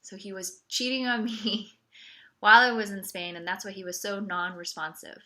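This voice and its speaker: A woman's voice: mid-range voice, steady tone, moderate pace, pushed and bright. A woman telling a personal story on her podcast in a candid, sarcastic way, full of casual fillers. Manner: candid, wry and sarcastic, repeating 'it's okay' ironically; conversational with frequent 'like' and 'you know'.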